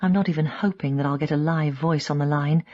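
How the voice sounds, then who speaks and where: A woman narrating a nonfiction audiobook in first person, measured and reflective. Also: sits low, fairly even intonation, highs cut off.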